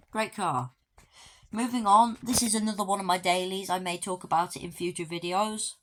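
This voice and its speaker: A woman's voice: medium pitch, slight background noise. A woman giving a casual walkthrough commentary of a video game, with dry, offhand joking asides. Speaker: gaming video creator.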